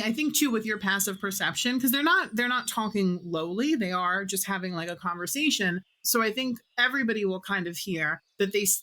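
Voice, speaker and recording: A woman's voice: mid-range voice, pushed and bright. A woman narrating a tabletop game as game master, rambling with lots of fillers.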